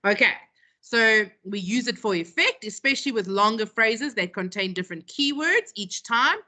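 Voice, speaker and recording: A woman's voice: on the high side, animated, moderate pace, bright, forceful tone. A woman teaching a poetry lesson to a school class, repeating phrases for emphasis and calling on pupils.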